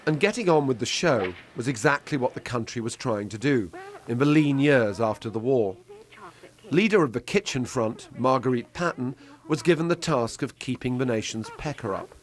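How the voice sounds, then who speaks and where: Measured documentary narrator, man. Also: mid-range voice, animated.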